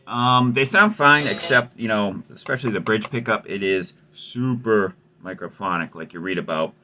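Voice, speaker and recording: A man's voice: on the low side, normal speed, bright, forceful tone. A man hosting a guitar repair video, chatting casually with a rambling, wry, self-mocking manner and lots of fillers. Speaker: host of a guitar repair channel. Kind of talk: casual chat while working on a guitar.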